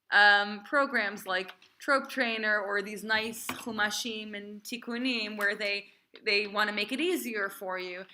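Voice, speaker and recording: A woman cantor teaching a class, speaking in a lively, emphatic way and chanting the names of the marks. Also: medium pitch. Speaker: cantor teaching Torah reading.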